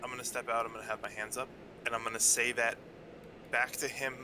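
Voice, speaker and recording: A man's voice: medium pitch, level tone, quick pace, over a noisy crowd, poor audio. A man casually explaining what his character does in a tabletop game. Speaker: player. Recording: audible background noise.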